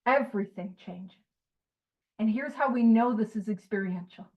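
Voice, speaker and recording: A woman giving a lively talk to a study group. She jokes, laughs often, and turns earnest and emphatic when she makes her point. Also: a little high, a little fast, rough recording. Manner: joking, animated, laughs often. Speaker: speaker at a recovery book study.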